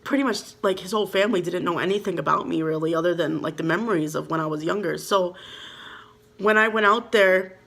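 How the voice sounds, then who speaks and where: A woman's voice: on the low side, fairly quick, vocal fry, fairly bright tone. Heartfelt, rambling young woman vlogger. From Minnesota, USA. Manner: rambling, heavy with "like" and "you know"; heartfelt, emotional retelling. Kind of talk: casual storytime monologue.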